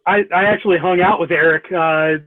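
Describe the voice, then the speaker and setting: Excited guy on a call, higher voice, tinny phone sound. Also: a little fast. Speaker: webinar participant. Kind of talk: casual chat.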